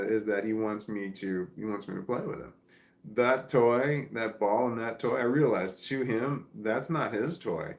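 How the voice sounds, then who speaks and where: A man's voice: lowish voice, gravelly. Rambling man with an echoey sound. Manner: rambling, with frequent restarts and filler. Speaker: livestream host. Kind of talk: casual chat reading live comments.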